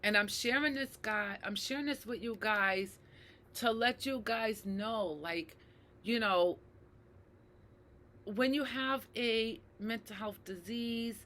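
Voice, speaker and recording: A woman talking earnestly to her viewers, reflective and slow to repeat key phrases, often checking in with "right?" and addressing them as "you guys". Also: fairly high pitch, fairly bright tone. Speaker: mental health advocate. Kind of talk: personal talk to camera.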